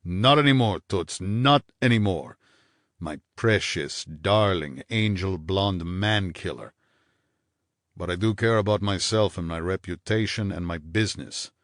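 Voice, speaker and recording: A man voicing a bitter, menacing husband in an audiobook, snarling low and clipped with contempt. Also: measured pace, fairly bright tone, no echo, clean studio sound. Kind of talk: audiobook character voice.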